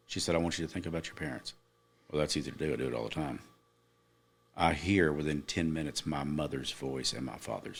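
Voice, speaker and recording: Deep-voiced middle-aged man telling a story. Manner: earnest, emphatic storyteller. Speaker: podcast guest. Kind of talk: personal storytelling in casual podcast chat.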